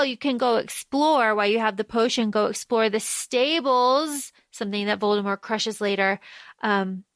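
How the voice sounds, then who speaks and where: Animated woman with a bright high voice. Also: no echo. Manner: animated, acts out quoted lines in lower or higher voices. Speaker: podcast co-host. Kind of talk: casual fan podcast discussion.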